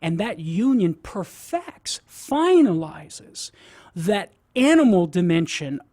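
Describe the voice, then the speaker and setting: With a Cajun accent and a high, slightly mellow voice, a guest apologist on radio explains concepts step by step, often asking "right?" He's very animated but speaks slowly, recorded in clean studio sound with no room echo.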